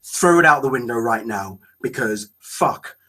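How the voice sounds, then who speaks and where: A young man reacting to a trailer, gushing and close to tears, breaking off into exclamations and halting restarts. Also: mid-range voice, expressive, pushed and bright. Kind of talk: emotional reaction video.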